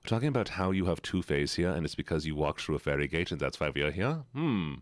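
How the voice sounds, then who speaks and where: A man's voice: rumbling low, big pitch swings, quick pace, dry recording. A man streaming live, chatting casually and teasingly with his viewers. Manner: playful, teasing, talks straight to chat.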